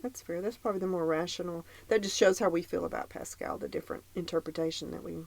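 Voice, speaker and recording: A woman's voice: fairly low pitch, quick pace, gravelly, darkish tone. A woman co-hosting a podcast, recapping a dating show in casual chat, reading out her notes and laughing often. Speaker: podcast co-host.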